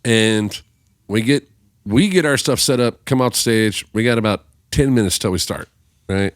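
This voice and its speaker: A man with a lowish voice spins an animated, profane story across a podcast table and acts out every character he quotes. The studio sound is dry and close, with no room echo. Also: normal speed. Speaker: podcast guest musician. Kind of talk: casual storytelling.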